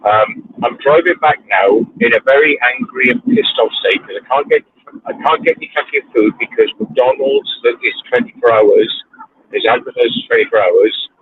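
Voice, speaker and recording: A man's voice: mid-range voice, normal speed, a little hiss or hum. Ranting sweary man on a tinny phone line. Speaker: livestream host. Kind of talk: casual ranting chat. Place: in his car, driving.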